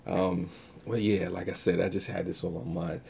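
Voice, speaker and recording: A man's voice: deep voice, little pitch movement, moderate pace, creaky, darkish tone, a little hiss or hum. A man hosting a live stream, chatting casually and reacting to viewer comments in a laid-back way.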